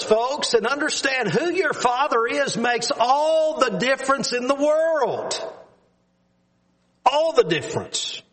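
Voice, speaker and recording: A man delivers a sermon in a high voice that rises and falls widely. He speaks slowly and earnestly, pressing his points by repeating words. His tone is emphatic throughout. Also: fairly bright tone. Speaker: preacher.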